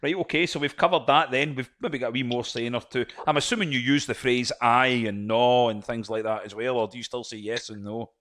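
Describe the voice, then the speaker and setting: A man's voice: mid-range voice, steady tone, fairly quick, few pauses, a bit bright. Joking man interviewing. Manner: joking, teasing, plugs sponsors. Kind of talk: casual interview chat.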